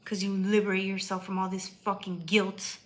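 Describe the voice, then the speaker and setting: A woman's voice: mid-range voice, monotone, normal speed, slight background noise, low-quality recording. A woman giving a tarot reading on a live stream, talking in an emphatic, emotional way and swearing freely. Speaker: tarot reader.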